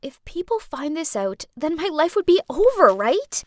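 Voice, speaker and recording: A woman narrates a first-person storytime in a chatty, dramatic teen voice. Her pitch sits high and swings widely, and the recording is close and completely dry. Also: very animated, normal speed, no echo.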